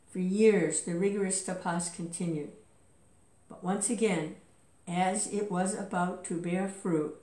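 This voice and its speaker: A woman's voice: fairly low pitch, a little mellow. A woman reading an epic story aloud with occasional casual asides and filler words. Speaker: reader. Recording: roomy echo.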